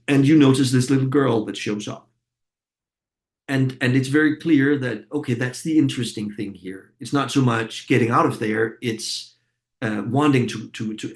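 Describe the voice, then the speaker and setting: A man leading a facilitator training session, thinking aloud and often repeating words as he walks the group through a session. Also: medium pitch.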